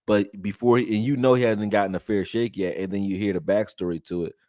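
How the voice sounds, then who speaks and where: A man with a fairly low voice hosts a live sports stream and chats in a loose, way, now and then reading viewer comments aloud. The sound is dry and close, with no room around it. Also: fairly even intonation, fast, mellow, no room sound. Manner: loose, conversational, reads viewer chat aloud. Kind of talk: casual live-stream film breakdown.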